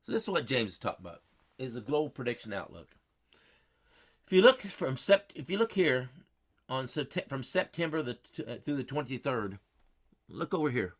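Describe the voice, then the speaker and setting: A man's voice: medium pitch, very animated, normal speed. Folksy man hosting a weather stream. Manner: folksy, repetitive, quizzes his chat. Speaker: weather livestream host. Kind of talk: live weather stream, chatting with viewers.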